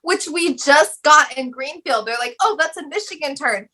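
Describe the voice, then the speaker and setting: Animated, bright-voiced woman, blunt and profane. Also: high voice, moderate pace, low-quality recording. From Indiana. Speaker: podcast co-host. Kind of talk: casual chat.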